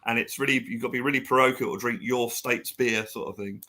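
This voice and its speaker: A man's voice: medium pitch, fairly even intonation, fast, bright, forceful tone. A man in casual chat on a fan podcast, rambling and laughing often. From Australia.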